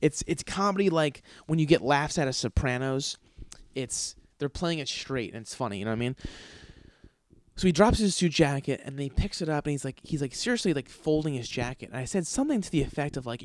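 A man's voice: on the high side, animated, quick pace, no echo, studio quality. Profane man telling a rambling story. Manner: profane, rambling, filler-heavy; acts out quoted dialogue. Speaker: podcast host. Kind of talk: casual storytelling monologue.

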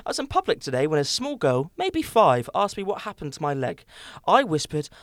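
A man's voice: fairly high pitch, wildly swooping pitch, brisk, dry recording. A young man in his twenties co-hosting a podcast, bantering, swearing and laughing with friends. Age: 20s. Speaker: podcast co-host. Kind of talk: casual chat.

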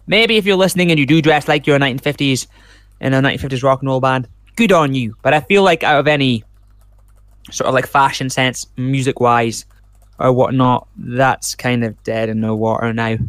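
A man hosts a casual true crime podcast, reading case notes aloud and drifting into chatty side comments. His mid-range voice is brisk and fairly bright, recorded clean with no echo.

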